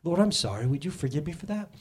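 A man in his thirties with a slightly husky, fairly high voice delivers a sermon. His pitch moves a lot, jumping up when he makes a point and sinking low and soft when he tells a family story. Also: fast. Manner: animated, swings between loud exclamations and soft storytelling. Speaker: pastor.

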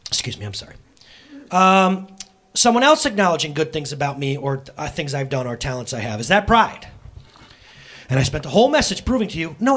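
Speaking directly to his congregation, this male pastor delivers a conversational sermon full of jokey asides and quick self-corrections. His voice is a little high and fairly bright.

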